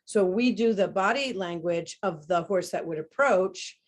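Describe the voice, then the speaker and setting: A woman teaching about horse behavior in a webinar conversation, talking in an animated way and demonstrating sounds as she explains. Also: fairly low pitch, measured pace.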